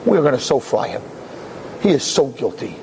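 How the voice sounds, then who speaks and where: A man voicing a stunned courtroom jury trading hushed, exclaiming asides. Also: mid-range voice, big pitch swings, a little fast, slight background noise, pitched below the performer's own voice, low-quality recording.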